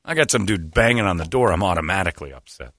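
A man hosting a talk show, telling comic stories in a loose, chatty way and acting out other people with sudden loud yelps. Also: low voice, fast, no room sound, studio quality. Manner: animated, acts out voices with loud yelps. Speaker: radio show host. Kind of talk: casual comedic storytelling.

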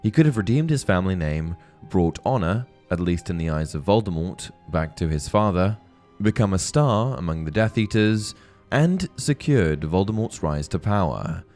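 A man with a deep, low voice narrates a scripted book-theory video in a measured way. His delivery rises and falls with lively emphasis, over faint background music. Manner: clear, measured storytelling with expressive emphasis. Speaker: host of a book-theory channel.

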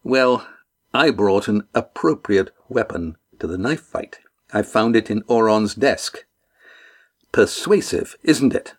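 A man reading a scheming, volatile villain captain in a storybook, smooth and mocking. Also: fairly low pitch, expressive, takes it slowly, heavily acted. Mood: coaxing menace.

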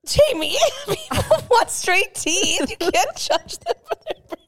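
A woman's voice: extremely high pitch, sing-song, slow, few pauses, a little hiss or hum, low-quality recording. A young woman co-hosting a casual podcast, teasing playfully and giggling. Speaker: podcast co-host. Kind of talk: casual chat.

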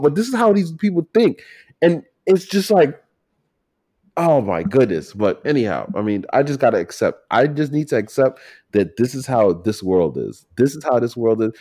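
A man co-hosting a casual talk, animated and emphatic, swinging from loud to quiet. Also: medium pitch, moderate pace, no room sound, clean studio sound. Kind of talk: casual chat.

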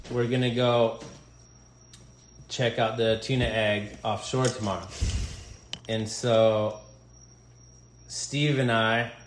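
Man, monotone, relaxed rambling podcast chat, lots of ums, echoey room. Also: mid-range voice, slow, pauses often, a little hiss or hum.

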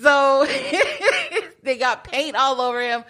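A woman's voice: sits high, very animated, takes it slowly, bright, forceful tone. A woman chatting casually, recapping a story and acting out quoted lines, laughing often. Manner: laughs often, acts out quoted lines while retelling a plot. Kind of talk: casual chat.

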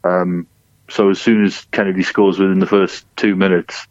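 A man's voice: low voice, level tone, moderate pace, dry recording. A man chatting on a football podcast, telling stories in a self-mocking, jokey way. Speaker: podcast regular. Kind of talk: casual football podcast chat. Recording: slightly dull lo-fi line.

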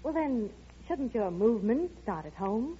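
An actress playing a dry, sensible hostess with a wry, sardonic manner in an old radio drama. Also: female voice, on the high side, very animated, measured pace, warm tone, slightly rough, heavily acted. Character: dry, sensible society hostess, middle-aged. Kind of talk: 1930s radio acting. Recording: dull old radio recording.

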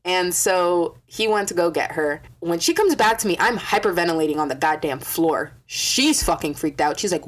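A young woman telling a story in a casual vlog, swearing a lot and acting out quotes with animated energy. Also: lowish voice, normal speed, few pauses. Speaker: vlogger.

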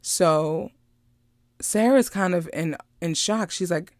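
A woman casually recapping a movie, chatty and animated, drifting into personal stories. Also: lowish voice, slow pace, dry recording, clean studio sound. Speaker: vlogger reviewing a movie.

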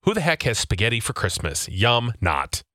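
A man's voice: mid-range voice, big pitch swings, bright, forceful tone, no room sound, studio quality. A man co-hosting a radio show, reading out listener messages and joking with his co-host. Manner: jokey, quick to laugh.

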